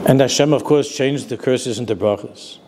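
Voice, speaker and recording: A man's voice: mid-range voice, moderate pace, background noise. Older rabbi man telling stories. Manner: storytelling, mixes in Yiddish and Hebrew words. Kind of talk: sermon.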